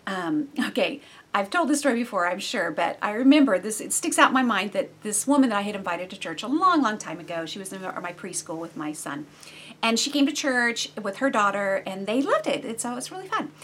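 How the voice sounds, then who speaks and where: A middle-aged woman preacher with a husky, slightly breathy voice. She talks through her sermon like a chat, animated and full of asides, and drops low and soft for the serious points. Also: brisk. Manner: conversational and animated, with frequent asides.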